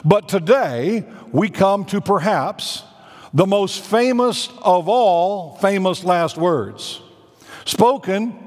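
Pastor preaching in an echoing sanctuary. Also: male voice, sits high. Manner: dramatic pauses and emphatic rising declarations. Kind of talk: sermon. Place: church sanctuary. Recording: reverberant church hall.

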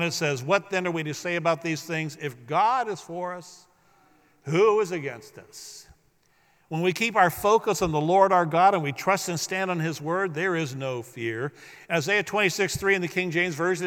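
A man's voice: high voice, normal speed, a bit bright, smooth. A man preaching a sermon as pastor, leading the congregation in repeating lines back to him. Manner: preaching, leads the congregation in call-and-response. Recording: echoey hall.

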